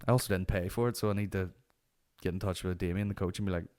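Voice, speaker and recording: A man's voice: low-pitched, steady tone, fast talker, a little mellow, clean tone. A man hosting a comedy podcast, telling profane, rambling anecdotes. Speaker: podcast host. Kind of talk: comic storytelling.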